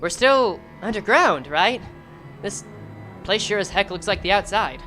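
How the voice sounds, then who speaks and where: A woman streaming a game, giving animated commentary, reading dialogue aloud and swearing casually. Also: mid-range voice, unhurried, over music.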